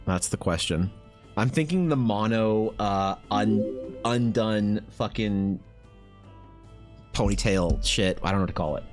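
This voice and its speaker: A man with a Canadian accent chatting on a live art stream, excitable and swearing, mock-exasperated at his chat. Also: lowish voice, measured pace, faint music behind. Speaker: artist streamer. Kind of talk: casual livestream chat while drawing.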